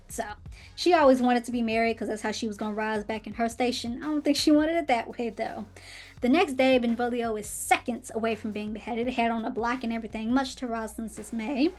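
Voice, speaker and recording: A woman's voice: on the high side, a little fast, soft background music. A young woman hosting a podcast, casually recapping a TV drama with lots of "like" and acted-out quotes of the characters. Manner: animated, acts out characters' lines in quotes, frequent "like". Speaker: podcast host. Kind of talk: casual commentary recapping a TV show.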